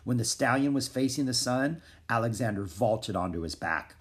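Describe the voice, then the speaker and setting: A man reading a children's chapter book aloud in an expressive storytelling manner. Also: medium pitch, moderate pace, slightly rough. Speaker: narrator.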